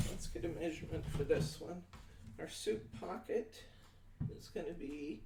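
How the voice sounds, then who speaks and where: A man leads a live crafting demo, chatting with viewers in a folksy way and talking through each cut and measurement. His voice sits a little high. He is heard from a distance in an echoey room with faint background noise. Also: gravelly, a little mellow. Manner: chatty, folksy, answers viewer comments aloud; talks through measurements step by step. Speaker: craft show host. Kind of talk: live-stream crafting demonstration.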